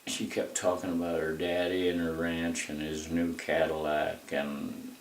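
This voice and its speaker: An older man with a very deep, gravelly voice rambles through family memories at an unhurried pace. He speaks in a folksy way and drifts into asides. The mic sits well away from him in an echoey room. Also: monotone, distant mic, a little hiss or hum. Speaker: interviewee telling family history. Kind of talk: casual storytelling.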